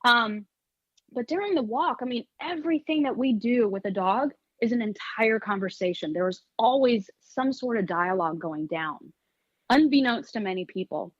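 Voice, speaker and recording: A woman's voice: a little high, animated, normal speed, dry recording. Woman, dog trainer guest, interview talk, emphatic, restarts phrases, dull lo-fi sound. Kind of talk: conversational interview. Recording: dull lo-fi audio.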